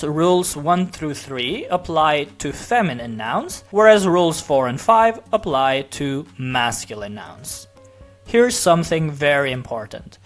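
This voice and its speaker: Slow, careful language teacher. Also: mid-range voice. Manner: careful, repeats each example slowly. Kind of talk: grammar lesson.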